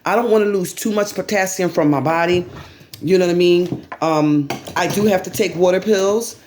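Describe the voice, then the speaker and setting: A woman's voice: fairly low pitch, normal speed, a little mellow, a little hiss or hum. A woman talking to her channel in a casual commentary vlog, rambling and repeating herself with many fillers. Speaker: vlogger.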